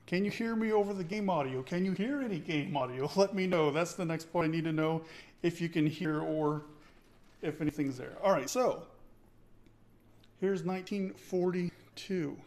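A man's voice: a little high, normal speed, a little mellow. Chatty man hosting a live tutorial. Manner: chatty, keeps checking in with chat; enthusiastic, thinks aloud. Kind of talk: casual live-streamed tech tutorial.

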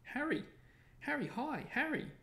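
A man doing a squeaky, excited young schoolboy. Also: measured pace, gravelly, full character voice. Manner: excited, gushing. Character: eager starstruck young schoolboy. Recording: roomy echo.

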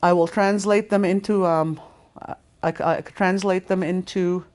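A middle-aged woman teaching a recorded language lesson, patiently repeating words slowly and explaining step by step. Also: fairly low pitch, steady tone, darkish tone.

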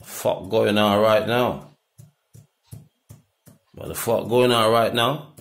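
A middle-aged Jamaican man in a rambling, profane monologue that swings from loud outbursts to low mutters. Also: takes it slowly, creaky. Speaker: reggae artist.

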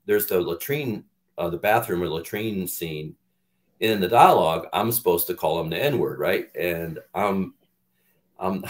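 Deep-voiced middle-aged man, rambling and candid. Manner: candid rambling storyteller, many restarts. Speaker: actor, interview guest. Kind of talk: casual interview chat.

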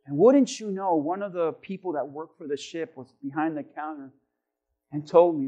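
Pastor, male, high-pitched, animated storyteller; sermon with humor. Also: moderate pace, dull audio. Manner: animated, acts out voices in anecdotes.

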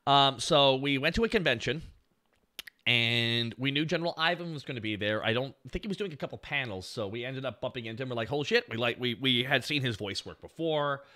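A man's voice: mid-range voice, a little fast, sharp tone. A man in his thirties doing casual stream commentary on his old series, rambling and swearing freely.

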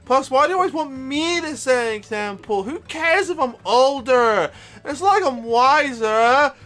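A man's voice: extremely high pitch, lively intonation, a little slow, a bit bright, voice pushed up, heavily acted. A man playing a sassy older boy. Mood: cheeky. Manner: sassy, boastful, threatening his brother.

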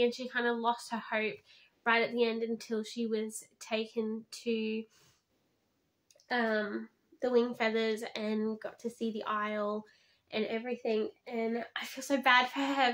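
A woman's voice: on the high side, fairly bright tone. A woman reviewing a book in a casual vlog, gushing and heartfelt, often using "like" as filler.

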